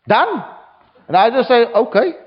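High-pitched, animated male preacher. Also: moderate pace. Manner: animated, dramatic delivery. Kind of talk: sermon with scripture reading. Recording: dull lo-fi recording.

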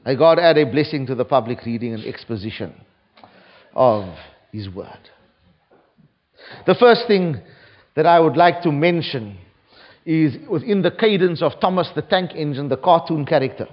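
A man's voice: a little high, animated, moderate pace, pauses often. A man preaching a sermon, reading scripture aloud with a dramatic delivery, from South Africa. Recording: dull lo-fi recording.

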